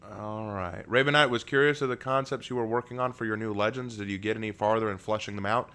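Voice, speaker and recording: A man's voice: lowish voice, fairly even intonation, fast, sharp tone, smooth. A man chatting casually on a live stream, joking with his chat, laughing often and restarting his words.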